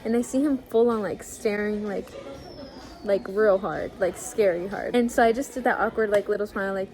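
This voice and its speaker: A woman's voice: mid-range voice, normal speed, darkish tone, soft background music. A young woman telling a story in casual chat, full of fillers and acted-out quotes. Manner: chatty, lots of "like", acts out quotes. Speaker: vlog co-host.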